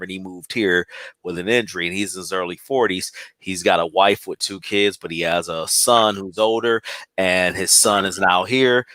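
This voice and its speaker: A man hosting a podcast, ranting in an animated, profane way, his voice climbing high when worked up. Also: no echo. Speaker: podcast host. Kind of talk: heated podcast rant.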